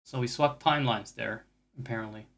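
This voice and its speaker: A man's voice: medium pitch, fairly quick, creaky, fairly bright tone. A man streaming a video game live, talking casually in a joking, profane, self-mocking way. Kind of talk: casual live gaming commentary.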